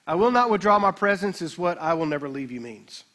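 A man pastor preaching a sermon, emphatic, with slow dramatic scripture readings. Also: high voice, sing-song, a bit bright.

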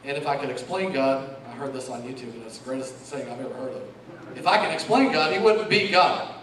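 A man's voice: medium pitch, fast, a bit bright. A middle-aged man giving an earnest, emotional church testimony and quoting scripture, with laughs between lines. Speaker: lay preacher. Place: church sanctuary. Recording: echoey hall, mic far off.

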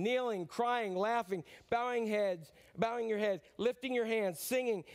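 A middle-aged male pastor preaching a sermon in a conversational way, repeating phrases and asking the congregation questions. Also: sits high.

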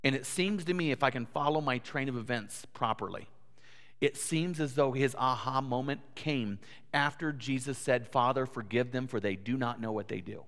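A man's voice: mid-range voice, moderate pace, fairly bright tone. A man preaching a sermon as pastor, earnest, building to emphatic peaks and often repeating words. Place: church sanctuary. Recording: long church hall reverb.

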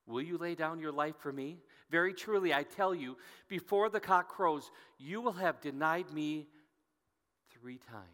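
Male pastor, bright forceful voice, storytelling sermon, reads scripture with rising emphasis, long hall reverb. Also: a little high, unhurried.

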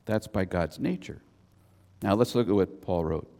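A man's voice: deep voice, normal speed, gravelly, warm tone. A man preaching a sermon as a pastor, conversational, with chatty asides between points. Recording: long reverb of a church hall.

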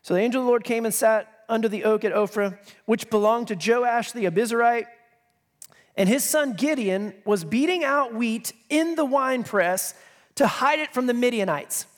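A male pastor preaching a sermon in a conversational way, reading scripture with emphasis and dropping joking asides. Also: extremely high pitch. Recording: long reverb of a large hall.

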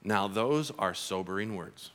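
A man preaching a sermon as pastor, telling a parable in an animated, storytelling way in a church. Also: on the low side, measured pace. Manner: animated storytelling, acts out characters.

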